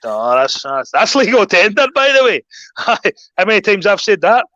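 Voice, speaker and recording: A Scottish man telling stories in a casual chat, getting animated and raising his voice when he rants. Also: high voice, normal speed, dry recording, lo-fi sound. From Scotland. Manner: animated storyteller, voice jumps up when ranting. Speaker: guest.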